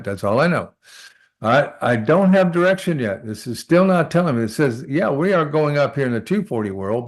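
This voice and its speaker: A man teaching a live trading lesson, talking through charts aloud and often checking in with "all right?". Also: mid-range voice. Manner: repeats short phrases while working. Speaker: trading instructor.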